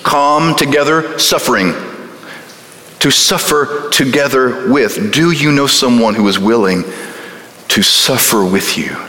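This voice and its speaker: A man pastor delivers a folksy, emphatic sermon and keeps asking the congregation questions. His voice is bright and forceful. It rings out in a church sanctuary with a long, roomy reverb. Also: medium pitch, measured pace.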